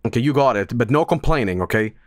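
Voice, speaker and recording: A man's voice: medium pitch, expressive, fast talker, dry recording, studio quality. A man streaming live, joking casually with lots of swearing and laughter. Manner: profane, joking, often laughing.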